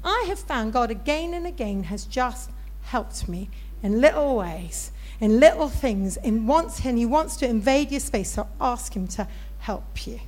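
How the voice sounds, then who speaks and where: A woman preaching a sermon, telling stories with animated voices for the people in them. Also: fairly high pitch, a little slow, hardly any pauses. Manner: storytelling, animated, acts out voices in anecdotes.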